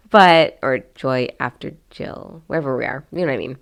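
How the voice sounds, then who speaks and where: Low-voiced chatty woman vlogger. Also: a little fast, creaky, smooth. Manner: chatty, filler-heavy, candid and opinionated. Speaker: host. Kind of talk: casual commentary vlog.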